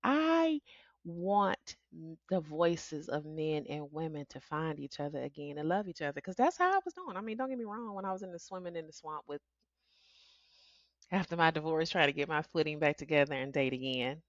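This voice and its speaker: A middle-aged woman with a low voice hosts a solo podcast at a moderate pace, talking candidly and laughing often in a casual, chatty way. The recording is dry, with the highs cut off.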